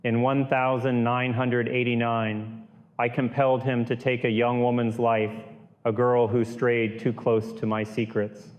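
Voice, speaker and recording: A man voicing an ancient, gleeful male demon who speaks slowly with a sneer. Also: mid-range voice, level tone, lo-fi sound, lightly acted.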